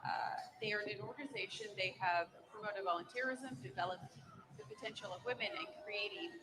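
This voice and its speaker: A woman's voice: mid-range voice, a little fast, background noise. A woman doing live commentary at an outdoor winter parade, reading scripted introductions of each entry with casual asides. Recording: outdoor broadcast with band music behind.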